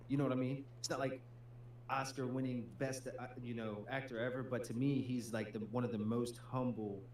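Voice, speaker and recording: A man co-hosting a gaming stream, chatting casually and peppering his talk with "dude" and "man". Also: medium pitch. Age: adult with a young child. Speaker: gaming channel co-host. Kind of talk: casual livestream chat. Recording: echoey room with faint hum.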